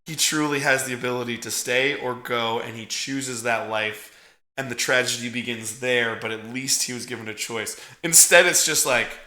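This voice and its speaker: Animated, profane man in an echoey room. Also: mid-range voice, measured pace. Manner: animated, profane, acts out character lines. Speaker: podcast co-host. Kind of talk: casual movie review chat.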